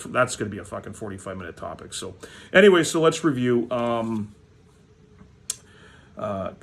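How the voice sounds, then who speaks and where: A man's voice: fairly low pitch, slight background noise. A man from Manitoba, Canada, hosting a hockey card vlog in a blunt, profane, rambling rant full of fillers.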